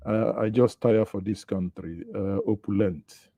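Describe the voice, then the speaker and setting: Broadcasting live online from a studio, a Southeast Nigerian man runs a chatty news show, greeting his viewers and thinking aloud as he remarks on the headlines. He speaks a little slowly, in a steady, mellow voice that sits on the low side. No room sound is audible.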